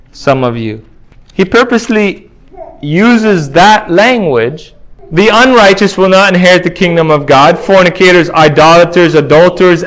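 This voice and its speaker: A man preaching a sermon, earnest and insistent, reading scripture aloud and repeating key phrases for emphasis. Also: a little high.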